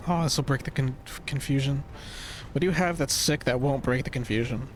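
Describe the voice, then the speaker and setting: A man's voice: mid-range voice, moderate pace, noisy background. A man giving casual gameplay commentary, muttering to himself and cursing often as he plans his moves. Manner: swears a lot, exasperated muttering to himself. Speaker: streamer playing a role-playing video game.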